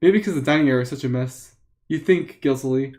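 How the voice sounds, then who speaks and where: A man's voice: medium pitch, quick pace, darkish tone. A man reading an interactive book aloud live for friends, playful with joking asides.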